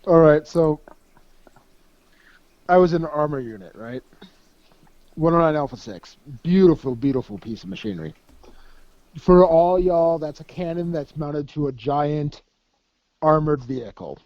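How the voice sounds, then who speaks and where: A man's voice: fairly high pitch, unhurried, creaky, long pauses, darkish tone, no room sound, muffled recording. A man co-hosting a podcast, telling crude, laughing, profanity-laced army stories in casual chat. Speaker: podcast co-host. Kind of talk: casual storytelling.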